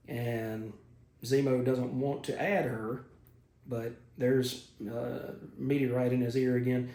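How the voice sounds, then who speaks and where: Mellow-voiced man recapping comics. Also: mid-range voice, fairly even intonation, unhurried. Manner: conversational, frequent "you know" fillers. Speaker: comics video host. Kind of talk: casual comic book recap. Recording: echoey room.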